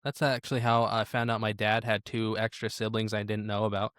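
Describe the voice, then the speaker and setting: A man in his thirties co-hosting a podcast, telling a family story in a relaxed, conversational way. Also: lowish voice, fairly quick, clean tone, dry recording, clean studio sound. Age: 30s. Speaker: podcast co-host. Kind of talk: casual chat.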